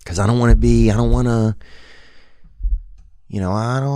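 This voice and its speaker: A man telling a personal story in a rambling, halting way, reflective and emotionally open, with lots of slang and restarts. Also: mid-range voice, fairly even intonation, mellow, clean tone, no echo, clean studio sound. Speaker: podcast host. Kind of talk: confessional storytelling.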